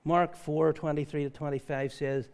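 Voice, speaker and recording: A man preaching a conversational sermon at a church service, reading scripture and telling stories in a lively way. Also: on the high side, moderate pace. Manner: lively storytelling, reads scripture aloud. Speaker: pastor.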